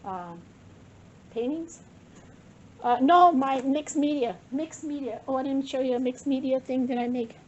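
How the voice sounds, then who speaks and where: A craft vlogger, an older woman, shows off her craft supplies in a casual, rambling way, a little out of breath and fixing her own words as she goes. She speaks high-pitched at a measured pace, slightly mellow, on a muffled recording with a little hiss or hum.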